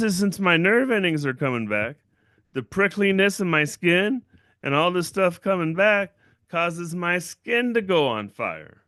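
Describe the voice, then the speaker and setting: Brief: male host, bright forceful voice, dry close sound, profane animated storyteller. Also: high voice, a little slow, dry recording. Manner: blunt, profane and animated, acting out the voices of other people. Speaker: channel owner and host. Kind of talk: casual livestream storytelling.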